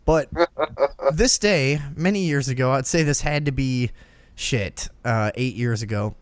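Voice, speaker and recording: A man hosting a talk show, telling a crude story in a profane, animated way. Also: mid-range voice, a little slow, smooth, no room sound. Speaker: podcast host.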